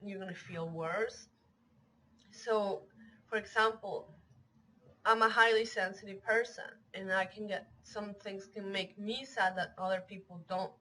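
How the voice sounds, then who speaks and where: A woman's voice: mid-range voice, fairly even intonation, unhurried, sharp tone, a little hiss or hum, rough recording. A young woman talks earnestly about emotional health in a mid-range voice. She teaches by working through long lists of example phrases, one after another. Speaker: online wellness teacher. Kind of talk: talking-head educational talk.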